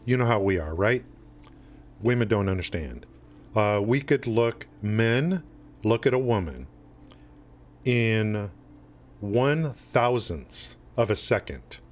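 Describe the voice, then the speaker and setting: A man hosting a live game stream, chatting loosely with his viewers, rambling with many restarts and fillers. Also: on the low side. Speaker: livestream host. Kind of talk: casual chat with stream chat.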